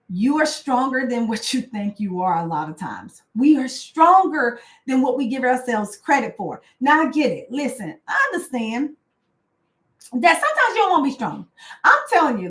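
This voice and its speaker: A woman's voice: high-pitched, big pitch swings, normal speed, fairly bright tone. A woman life coach giving a casual, conversational motivational talk, often checking in with "right?" and "y'all". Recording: roomy echo.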